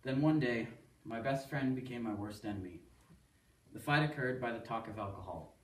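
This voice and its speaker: A man's voice: medium pitch, moderate pace, far from the mic. Man reciting a poem in an echoey room. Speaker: student reader. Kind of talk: first-person poem recitation.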